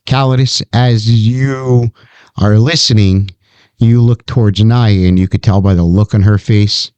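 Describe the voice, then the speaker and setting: A man's voice: on the low side, steady tone, unhurried, a little mellow, clean tone, dry recording. A man narrating as game master of a tabletop game, casual and calling for dice checks.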